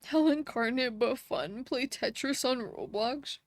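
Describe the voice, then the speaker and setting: A woman's voice: on the high side, unhurried, dry recording. A woman live streamer chatting casually with her viewers, reading their comments and laughing often.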